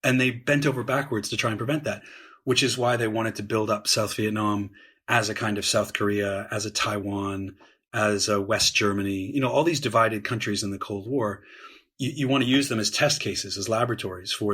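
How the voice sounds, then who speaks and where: A male history professor talks through the past as a guest, eager and fluent, often restarting his phrases and voicing quotes with gusto. His voice sits low and carries a husky edge. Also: fairly even intonation, a little fast, a bit bright. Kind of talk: animated conversational explaining.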